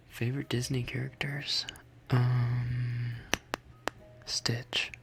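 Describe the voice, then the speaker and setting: A young man in his twenties, whispering softly into a close mic as an ASMR streamer reading chat questions. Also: mid-range voice, level tone, slow.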